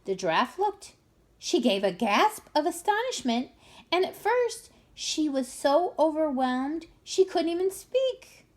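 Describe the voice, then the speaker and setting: A woman reading tutor reading a children's book aloud with expressive storytelling. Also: sits high, measured pace.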